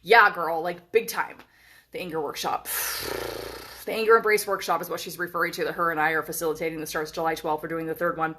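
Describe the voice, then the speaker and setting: An excitable woman in her thirties chats on a live stream from a hotel room. She swears freely and strings her thoughts together with lots of fillers. She talks into a phone camera. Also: low-pitched, fast talker. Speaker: vlogger. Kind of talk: casual live-stream chat.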